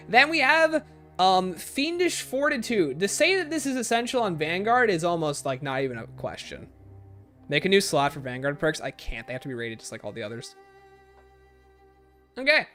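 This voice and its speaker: Man livestreaming with a lively, swooping voice. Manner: rapid-fire listing, sliding up and down in pitch. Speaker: gaming livestreamer. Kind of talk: casual livestream chat, reading viewer comments aloud.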